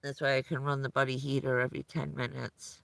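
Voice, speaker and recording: Gravelly, chatty middle-aged woman. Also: extremely low pitch, flat delivery, fairly quick, no echo. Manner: rambling, chatty, laughs often. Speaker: live streamer. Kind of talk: casual live-stream chat. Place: vehicle at night in the cold.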